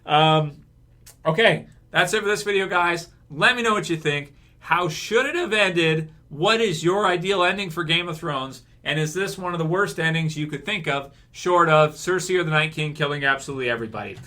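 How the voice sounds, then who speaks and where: A man delivers a heated vlog rant, hammering his points home with repeated phrases and rhetorical questions. His voice sits a little high and rings bright and forceful. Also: normal speed. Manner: animated, repetitive, rhetorical questions. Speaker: vlogger. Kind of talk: ranting commentary vlog.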